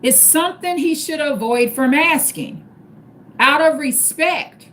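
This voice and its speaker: A woman's voice: sits high, unhurried, a bit bright, a little hiss or hum. A woman hosting a live stream, giving casual advice in a repetitive, emphatic way that spells each point out step by step. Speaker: livestream host.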